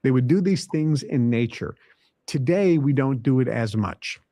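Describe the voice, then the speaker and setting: A man's voice: mid-range voice, animated, measured pace, mellow, no room sound, studio quality. A man hosting a self-help podcast who gives motivational advice in an emphatic way, listing points and repeating them. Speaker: podcast host.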